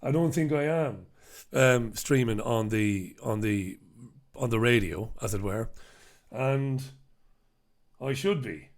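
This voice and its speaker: A man's voice: mid-range voice, creaky, darkish tone. A middle-aged man hosting a casual live stream from a home studio, chatty and self-mocking. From Ireland. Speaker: host.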